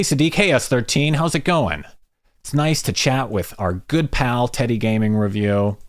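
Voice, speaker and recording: A man's voice: mid-range voice, no echo, studio quality. An American man hosting a casual livestream chat, rambling and self-deprecating as he greets viewers. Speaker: podcast host.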